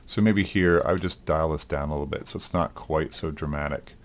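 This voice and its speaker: A deep-voiced man teaching animation walks through a software demo for a recorded lecture. Relaxed and thinking out loud, he fills his pauses with frequent ums.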